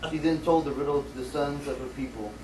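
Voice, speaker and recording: A man's voice: on the high side, fast talker, darkish tone. Man reading a verse in class. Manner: plain reading aloud. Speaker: class member reading scripture. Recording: echoey room, distant mic.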